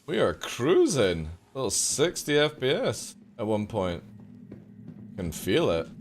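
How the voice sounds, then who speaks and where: A man's voice: mid-range voice, huge pitch swings, slow, soft background music. Young guy streaming a game, chatty and sweary, voice bounces all over the place. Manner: profane, joking, talks to chat. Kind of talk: casual live gameplay chat.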